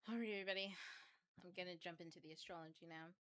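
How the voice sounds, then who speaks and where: A woman's voice: fairly low pitch, steady tone, racing, fairly bright tone. A woman hosting a casual livestream, flustered and chatty. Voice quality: craggly. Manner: flustered, chatty, swears, laughs often. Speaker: host.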